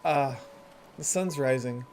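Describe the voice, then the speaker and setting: A man's voice: medium pitch, takes it slowly, over music. A man reading game dialogue aloud as a let's player, with playful, jokey asides.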